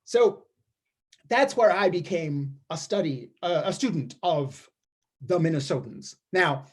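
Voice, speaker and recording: A man's voice: a little high, expressive, unhurried, a little mellow, breathy edge. A man giving a wry, observational comic storytelling monologue, often restarting his sentences. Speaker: storyteller performer. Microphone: streamed performance mic.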